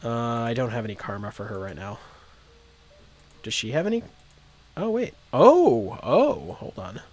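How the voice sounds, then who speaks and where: A man's voice: mid-range voice, big pitch swings, unhurried, darkish tone. Rambling male game streamer. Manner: rambling, lots of uhs and ums. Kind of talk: casual live-stream commentary, reading game text aloud.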